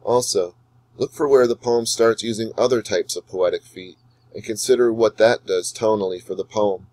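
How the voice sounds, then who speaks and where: A man with a lowish voice gives a recorded lecture on poetry, explaining meter in a measured, explanatory way. When he reads the verse he slows right down and lingers on each line. The sound is dry and close, with no room echo. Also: darkish tone. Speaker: English teacher.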